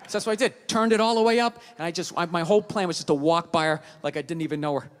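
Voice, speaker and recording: On a stage mic in a reverberant hall with a live audience, a man performs stand-up comedy, ranting, swearing, mocking and arguing with the crowd. His voice is fairly high and very fast.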